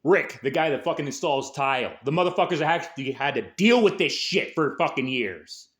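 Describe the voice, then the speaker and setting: A man's voice: fairly high pitch, animated, brisk. A man hosting a show, delivering an angry, aggressive political rant full of swearing. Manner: angry, aggressive, heavy swearing, shouted peaks. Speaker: host.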